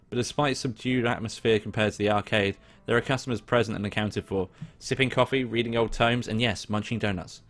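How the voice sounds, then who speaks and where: A man's voice: lowish voice, a bit bright. A young man reading a visual novel aloud with casual, joking commentary, now and then swearing. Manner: casual, swears, laughs at himself. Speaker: let's play host. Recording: faint background music.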